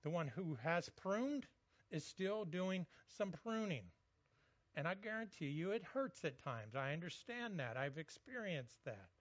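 A man's voice: high-pitched, sing-song, unhurried, no echo, lo-fi sound. A male pastor giving a conversational sermon, often repeating words as he goes.

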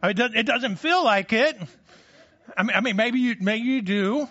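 A man's voice: extremely high pitch, moderate pace, sharp tone, no echo, muffled recording. A man preaching a sermon in a conversational way, with frequent restarts and rhetorical questions. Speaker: pastor.

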